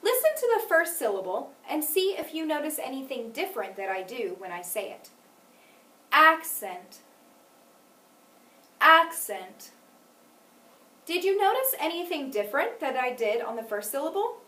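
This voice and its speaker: Woman teacher for a phonics lesson. Bright, higher voice with a lot of lift, clear and deliberate, with each example word stressed. Recorded in an echoey room with the mic set back. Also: sing-song, recorded from a distance.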